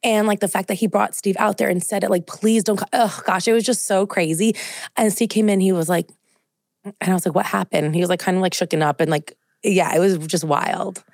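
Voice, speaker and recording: A woman's voice: medium pitch, fairly quick, no echo, studio quality. A young woman co-hosting a podcast, telling a long story in casual chat and filling it with "like". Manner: animated storyteller, heavy use of "like". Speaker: podcast co-host.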